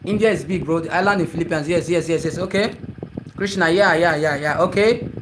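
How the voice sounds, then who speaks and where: A man's voice: a little high, brisk, noisy background. A young man hosting a casual live stream, talking to viewers by name and repeating his phrases. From Nigeria.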